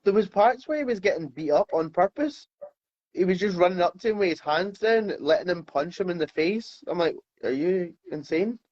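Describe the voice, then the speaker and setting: A man co-hosting a casual talk podcast, easygoing and relaxed as he tells stories. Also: high-pitched, fairly quick. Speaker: podcast co-host. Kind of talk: casual chat. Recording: slightly dull lo-fi sound.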